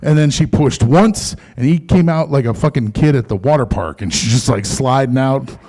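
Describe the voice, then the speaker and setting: In a comedy club, a man does stand-up with a loose, conversational delivery, swearing freely and mocking the voices he quotes. He speaks at a moderate pace in a medium-pitched, slightly mellow voice.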